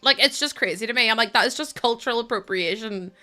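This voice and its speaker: A young woman chats on a live stream in a bright, slightly high voice. She reads out messages, thanks followers and laughs easily. Faint music runs quietly underneath. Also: fast talker. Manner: chatty, laughs often, reads out and thanks chat. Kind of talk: casual live-stream chat.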